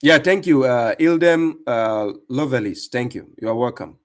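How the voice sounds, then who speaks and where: A man's voice: medium pitch, animated, moderate pace. A man hosting a live stream, commenting on clips and talking to viewers in a mocking, insistent way with lots of repetition. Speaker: livestream host reacting to clips.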